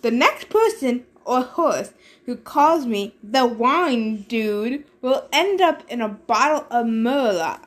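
A woman playing a haughty immortal, coldly sneering and weary of mortals. He lectures with scorn, his tone clipped and contemptuous. A storybook god with a high, bright voice from the reader. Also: animated, measured pace. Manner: sneering, disdainful. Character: sneering, bored male wine god, camp director.

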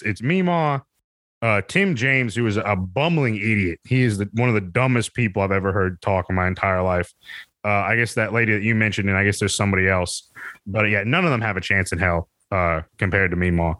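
A man's voice: fairly low pitch, fairly quick, a bit bright, no echo. Rambling profane man. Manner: rambling, profane, laughs a lot. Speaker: podcast co-host or guest. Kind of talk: casual podcast chat.

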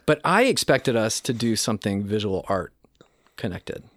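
A man's voice: lowish voice, sing-song, moderate pace, fairly bright tone, no echo, studio quality. A man hosting a podcast interview in a casual, explaining way, counting out beats and laughing easily. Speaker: podcast host.

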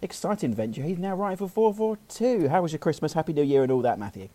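A man's voice: a little high, big pitch swings, fast talker, mellow. A man with a London accent hosting a football podcast, moving things along and plugging shows. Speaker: podcast host. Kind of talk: casual chat.

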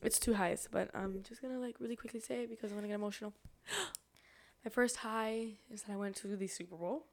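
A woman in her twenties, co-hosting a podcast, telling stories in casual chat with an excitable, animated manner. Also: medium pitch, a little fast. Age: 20s. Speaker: podcast co-host.

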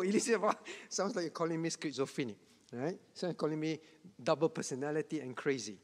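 Male pastor, high-pitched, repeats his points with emphasis, long hall echo. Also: fast talker. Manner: repetitive, emphatic, chuckling asides. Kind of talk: Bible teaching to a congregation.

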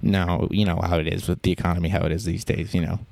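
Guy doing a stammery rapper dude, low voice, rambles and trips over words, dry sound. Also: little pitch movement, gravelly, darkish tone, no echo. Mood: rambling. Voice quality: stammering, halting. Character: rambling male rapper who claims a brain injury. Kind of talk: improvised comedy bit.

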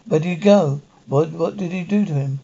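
A woman's voice: deep voice, moderate pace, creaky, warm tone, breathy edge, full character voice. A frightened, pleading woman, 1960s TV. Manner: pleading and nervous. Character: frightened timid young working woman. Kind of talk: 1960s TV drama acting. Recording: dull lo-fi 1960s TV soundtrack.

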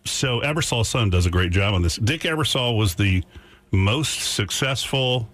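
A man's voice: fairly low pitch, lively intonation, moderate pace, a bit bright. A man co-hosting a radio show, chatting casually and rambling through stories with restarts. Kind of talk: casual morning radio banter.

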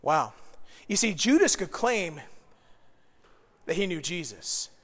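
A man's voice: high voice, sing-song, slow, fairly bright tone. A man preaching a sermon as pastor, in a conversational style. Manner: conversational, acts out quoted voices. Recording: long reverb of a large hall.

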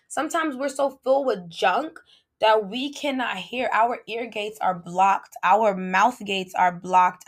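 A woman with giving a casual, preachy faith talk to her viewers, lively and playful with laughing asides. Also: medium pitch. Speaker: faith vlogger.

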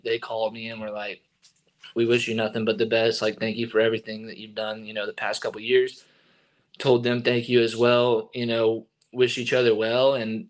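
A young man in his twenties, a baseball pitcher telling his story as a guest in a casual, rambling way, full of fillers. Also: low-quality recording.

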